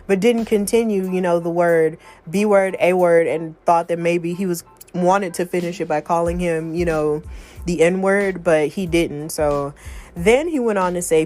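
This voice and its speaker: A woman's voice: on the low side, measured pace, a little mellow. A woman in her thirties hosting a podcast, chatting casually and reading out online posts with exasperated asides. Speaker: podcast host. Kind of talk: casual chat, reading out social media posts.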